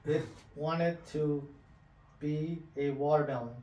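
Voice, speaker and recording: An earnest man with a slightly high voice talks gaming and tells corny jokes. He sits away from the mic in a room full of echo. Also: fairly even intonation, takes it slowly, warm tone. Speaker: podcast co-host. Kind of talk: casual chat. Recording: roomy echo, distant mic.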